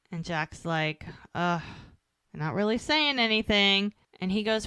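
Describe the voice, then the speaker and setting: A woman with a bright, forceful voice recaps an episode in casual chat, acting out the characters' lines as she goes. The sound is close and dry, with no room around it. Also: lowish voice, moderate pace, smooth, no echo. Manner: animated retelling, quotes characters' lines. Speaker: podcast co-host recapping an episode.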